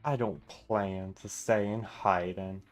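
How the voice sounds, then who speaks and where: A man voicing a stern, calm older male city boss in a slow, lowered, measured voice while reading a game story aloud. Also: soft background music. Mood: grave.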